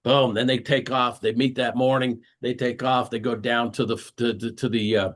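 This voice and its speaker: A man's voice: medium pitch, little pitch movement, normal speed. A man hosting a weekly video call, giving an earnest motivational talk and repeating his key phrases for emphasis.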